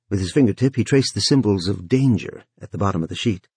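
Husky, low-voiced male narrator. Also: fast, few pauses, darkish tone, no echo. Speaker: audiobook narrator. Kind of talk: scripted narration.

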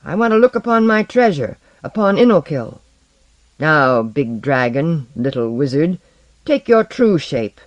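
A man's voice: fairly high pitch, very animated, measured pace, no echo, dull audio. A man voicing an arrogant, boastful sorcerer sea lord in a story reading, taunting, proud and commanding. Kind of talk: audiobook reading.

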